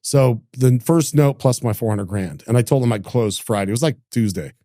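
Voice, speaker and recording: A middle-aged man from Idaho spins an animated story in a warm, relaxed voice, acting out other people's lines and stumbling into restarts as he goes. The recording is close and dry, with no room sound. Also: medium pitch, moderate pace, no echo. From Idaho, United States. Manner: animated, acts out quoted dialogue, frequent restarts. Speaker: entrepreneur guest. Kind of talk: casual storytelling conversation.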